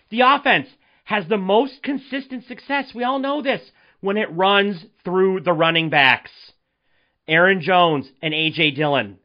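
A man hosting a solo sports podcast, ranting in an animated, exasperated way and firing off rhetorical questions. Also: high voice, unhurried, muffled recording. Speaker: podcast host.

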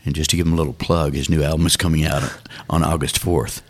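A man's voice: extremely low pitch, little pitch movement, fast talker. A older man, a songwriter, talking thoughtfully and unhurriedly in an interview. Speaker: songwriter guest. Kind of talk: reflective interview talk.

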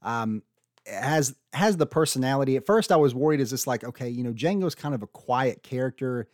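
Brief: earnest male podcast debater, mid pitch, dry close sound. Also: lively intonation, fairly quick, dry recording. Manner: earnest, builds arguments with restarts. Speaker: podcast co-host arguing casting picks. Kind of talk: casual debate chat.

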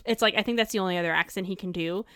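A woman's voice: on the low side, rapid-fire, a bit bright, clear, resonant tone, no echo, clean studio sound. A woman co-hosting a casual film review chat, laughing often and swearing casually. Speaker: podcast co-host.

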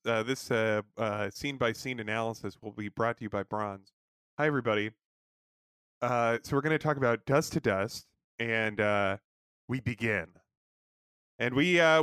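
A man's voice: mid-range voice, a bit bright, smooth, no echo. A man co-hosting a podcast, rambling loosely through a scene-by-scene episode recap and swearing casually. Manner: rambling, many fillers and restarts, swears casually. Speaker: podcast co-host.

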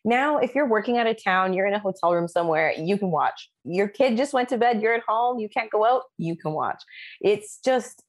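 A woman DJ chats casually as a podcast guest, animated and quick to act out little quoted voices. Her voice sits at a middle pitch and she laughs often.

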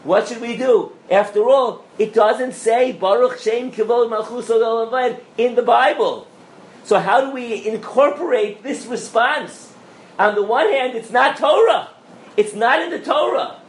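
A man, a rabbi, giving a lively Torah class to a live audience, often asking if they follow him and mixing in Hebrew and Yiddish terms. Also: very high-pitched, measured pace, reverberant. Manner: animated, asks the audience questions, mixes in Hebrew and Yiddish terms. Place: lecture room with an audience.

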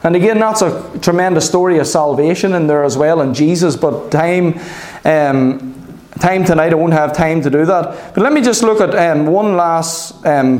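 A high-pitched male preacher delivers an animated sermon, often pausing to ask his listeners "Amen?". His voice rings out in a roomy, echoing hall.

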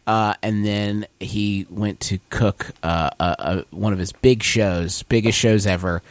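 A man's voice: on the low side, steady tone, a little slow, dry recording. A man playing a tabletop game, rambling through a story with chuckles. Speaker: player. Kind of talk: casual chat.

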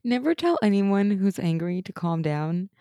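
A young woman co-hosting a casual TV recap chat, animated and laughing as she acts out lines from the show. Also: mid-range voice, moderate pace, dry recording. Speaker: podcast co-host.

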